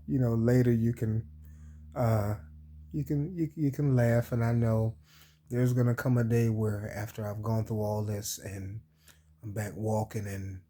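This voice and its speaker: Warm, lowish, and slightly rough, a man's voice carries a casual personal anecdote from a vlog host who laughs a lot despite the pain of post-surgery soreness. He talks to his viewers as "y'all."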